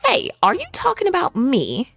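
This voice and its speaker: A woman's voice: extremely high pitch, huge pitch swings, moderate pace, gravelly, a bit bright, soft background music, voice pushed up, heavily acted. A woman playing a brash, boastful master cheater. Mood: cocky. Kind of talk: video game voice acting.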